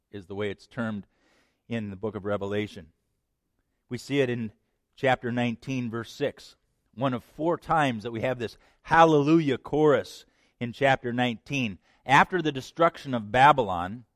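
Pastor guy preaching, big dramatic swings, mid voice, dry close mic. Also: no echo. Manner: emphatic, dramatic swings in pitch and loudness. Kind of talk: sermon.

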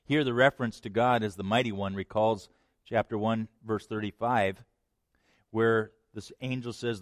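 A man pastor preaching a sermon with emphatic delivery and dramatic swings in pitch and loudness. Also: fairly even intonation, moderate pace, dry recording, clean studio sound.

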